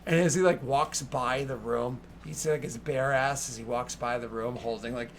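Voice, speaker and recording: A man narrating as game master in a tabletop game, animated and full of fillers. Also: medium pitch, normal speed, slight background noise.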